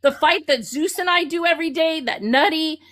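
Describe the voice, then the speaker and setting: A woman's voice: sits high, moderate pace, fairly bright tone. A woman with a Southern US twang and drawl, lecturing scornfully as a co-host in a heated political argument. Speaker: co-host of a live audio debate.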